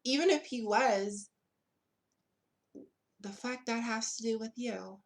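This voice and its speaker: A woman's voice: a little high, slow. A young woman vlogging straight to camera, emphatic and blunt, repeating her lines for effect. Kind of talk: impassioned direct-to-camera commentary.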